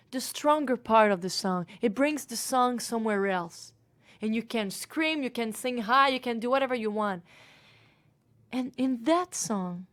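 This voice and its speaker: A woman in her twenties, a singer being interviewed, telling a story in an animated way with sudden drops into whispers. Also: fairly high pitch, dry recording. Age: 20s.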